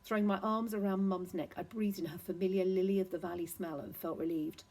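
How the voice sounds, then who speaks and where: A woman's voice: on the low side, steady tone, a little fast, darkish tone, rough recording. Woman reading a children's novel. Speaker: reader.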